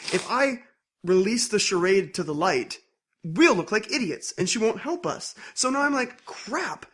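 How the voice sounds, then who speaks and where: A man's voice: high-pitched, measured pace, a little hiss or hum. A man in his twenties, co-hosting a podcast, telling a story with lots of laughter. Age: 20s. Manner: animated storytelling, frequent laughter. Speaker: podcast co-host. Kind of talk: casual chat.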